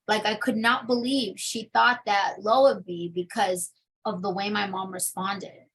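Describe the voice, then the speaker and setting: A woman's voice: medium pitch, steady tone, a little slow, a bit bright, low-quality recording. A young adult woman telling her personal testimony in an interview, candid and full of fillers. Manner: candid storytelling with many fillers. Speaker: interview guest.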